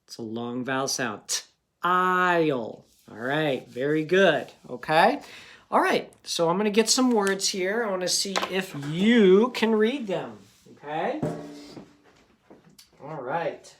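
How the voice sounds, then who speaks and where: Give me a patient male teacher slowly sounding out words in a phonics lesson for young children. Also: sits high, lively intonation. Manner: slow, patient, sounding out words and asking questions.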